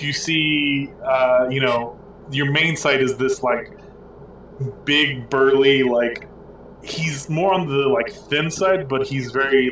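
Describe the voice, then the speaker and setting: A man's voice: medium pitch, a bit bright, roomy sound, distant mic, a little hiss or hum, poor audio. A man running a tabletop game as game master, narrating casually with lots of fillers. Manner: loose and rambling, many fillers.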